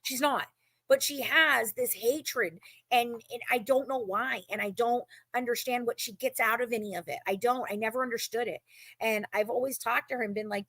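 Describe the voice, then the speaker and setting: A woman's voice: on the high side, moderate pace, a bit bright, no room sound. A woman talking emotionally and emphatically in a casual chat, often repeating herself.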